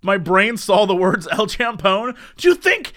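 A young man with a notably high voice chats casually on a podcast, bursting into laughter as he tells his stories. He is lively and animated, throwing in loud, silly catchphrases. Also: a little slow. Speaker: podcast co-host. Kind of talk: casual chat, storytelling.

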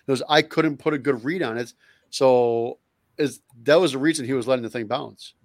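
A man's voice: medium pitch, no echo, studio quality. A man in casual sports chat who keeps chiming in to agree. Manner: chatty, quick agreeing interjections.

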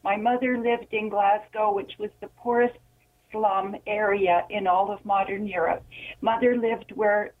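Distressed, indignant female caller on a husky phone line, near tears. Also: mid-range voice, steady tone, a little slow. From Ontario. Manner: impassioned, indignant. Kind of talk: call-in radio.

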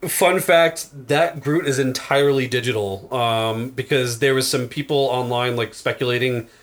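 A man's voice: medium pitch, moderate pace. A man co-hosting a casual podcast, rambling through a movie recap with lots of fillers and frequent laughter. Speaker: podcast co-host. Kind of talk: casual movie-discussion chat.

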